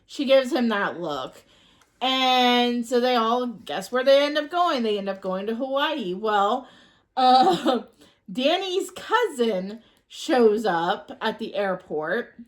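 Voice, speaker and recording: A woman co-hosting a podcast, recapping a movie plot in a rambling, halting way full of ums. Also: a little high, very animated. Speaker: podcast co-host. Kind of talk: casual chat recapping a movie.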